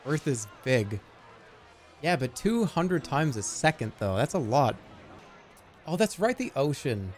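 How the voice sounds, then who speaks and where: A man's voice: mid-range voice, very animated, measured pace, long pauses, darkish tone. A man in his thirties giving casual, jokey gameplay commentary as a streamer, often sounding incredulous.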